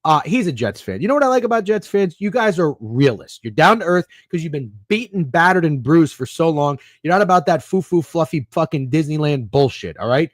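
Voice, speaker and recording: A man's voice: on the high side, big pitch swings, a little fast, hardly any pauses, no echo, studio quality. A man in his thirties hosting a sports betting podcast, chatting casually in a rambling, opinionated and profane way while reading live comments.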